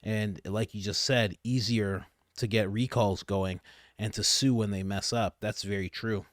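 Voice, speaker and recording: A man's voice: on the low side, unhurried, dry recording, studio quality. Joking man giving reaction commentary. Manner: joking, animated ranting. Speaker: political commentator.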